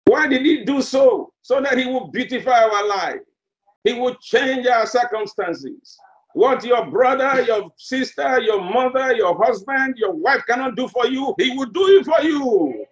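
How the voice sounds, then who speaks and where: A man's voice: extremely high pitch, lively intonation, a little slow. A male preacher delivering a sermon, emphatic and repeating phrases for effect. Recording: roomy, dull lo-fi sermon recording.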